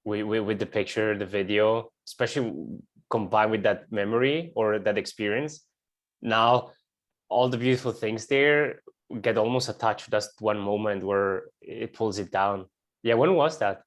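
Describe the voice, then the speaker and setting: A man hosting an interview as a fitness coach, asking his client questions in a measured, encouraging way. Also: fairly low pitch.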